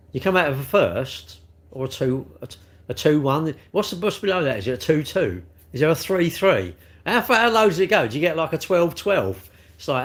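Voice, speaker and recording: A middle-aged man, chatting casually on a live stream and teasing viewers about their comments. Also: mid-range voice. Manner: jokey, teasing banter with chat.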